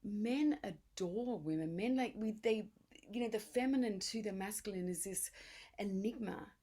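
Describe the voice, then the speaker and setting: A woman's voice: mid-range voice, moderate pace, mellow. A woman in her late forties hosting a casual conversation, frank and emphatic, swearing freely. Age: 40s. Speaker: podcast host.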